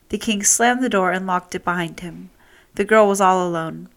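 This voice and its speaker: A woman storyteller reading a fairy tale aloud with steady, expressive delivery. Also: fairly low pitch, moderate pace.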